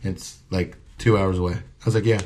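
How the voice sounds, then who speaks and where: A man's voice: sits low, fairly even intonation, normal speed, darkish tone. A comedian telling a story in casual chat. He acts out the voices of people he quotes and swears freely.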